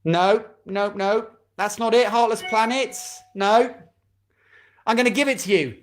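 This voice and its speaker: A man's voice: very high-pitched, animated, normal speed, a bit bright. A man leading a drama club over a video call, chatty and encouraging as he fumbles with the setup.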